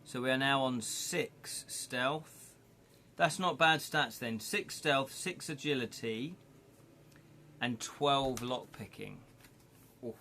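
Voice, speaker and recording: Male host for a live gamebook read, chatty, bright sharp tone, faint hiss. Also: mid-range voice, takes it slowly. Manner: chatty, jokey asides. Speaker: game host and reader. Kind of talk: reading a choose-your-own-adventure live.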